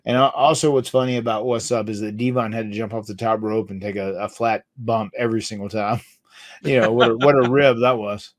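A man's voice: lowish voice, steady tone, fairly quick, dry recording. Guy on a podcast swapping road stories, laughs a lot, dry close sound. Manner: laughs often, telling stories with quoted voices. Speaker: podcast host, former wrestler. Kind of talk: casual chat.

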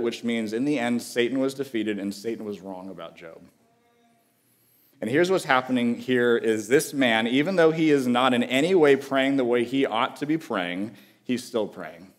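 Speaking as a visiting preacher, this man talks earnestly and conversationally through his sermon. He drives points home with repetition, and his voice drops low and soft whenever he reaches something important.

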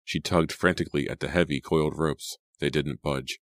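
A man narrating a horror audiobook in a measured, suspenseful read on a close mic. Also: a bass voice, steady tone, no room sound.

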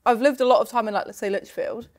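A woman's voice: on the high side, steady tone, quick pace, a little mellow. A young English woman with a mostly neutral accent and a faint Midlands twang, a rugby player chatting casually as a guest, with lots of fillers and laughter. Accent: neutral English with a slight Midlands twang. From England. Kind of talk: casual chat.

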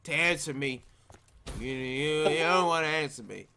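A man ranting and shouting profanely at other players during gameplay commentary. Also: fairly high pitch, moderate pace, crowd noise. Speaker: gamer.

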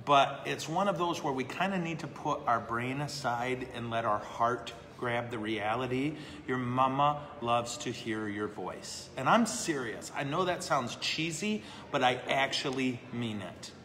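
A man's voice: mid-range voice, expressive, measured pace, few pauses, pushed and bright, slight background noise. A man, a priest, chatting casually and answering questions live, self-deprecating and laughing often. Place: brewery. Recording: echoey room with long reverb.

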